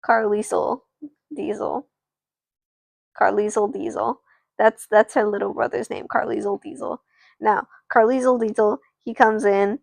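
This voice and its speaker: A woman's voice: on the high side, fairly even intonation, unhurried, creaky, no room sound. A woman streamer casually narrating an improvised doll story, rambling and chatting to viewers. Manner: rambling, restarts, chats to viewers.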